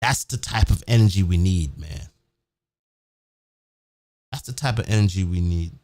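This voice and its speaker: A man's voice: deep voice, animated, moderate pace, a little mellow, dry recording. A man hosting a live-streamed podcast, ranting emphatically and profanely, often tagging his sentences with "man". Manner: emphatic, repetitive, keeps saying "man"; profane, fired up. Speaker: podcast host. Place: home recording setup near a big city.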